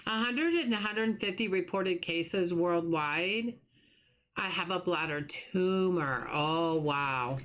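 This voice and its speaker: A woman's voice: fairly low pitch, slow. A middle-aged woman hosting a livestream, chatting casually and sympathetically with her chat while she plays. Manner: warm, sympathetic, chatty with restarts. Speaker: livestream host.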